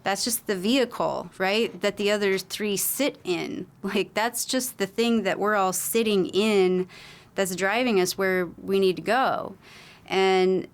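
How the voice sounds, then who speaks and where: A woman wellness coach telling client stories on a podcast, earnest and rambling with many fillers. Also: mid-range voice. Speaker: holistic wellness coach, guest. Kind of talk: casual podcast conversation.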